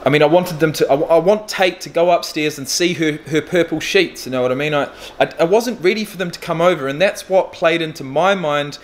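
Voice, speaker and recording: A man's voice: fairly high pitch, fairly quick, hardly any pauses. A man of thirty talking bluntly and candidly in a casual video diary, swearing freely. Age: 30s. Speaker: vlogger. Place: indoors in a furnished flat.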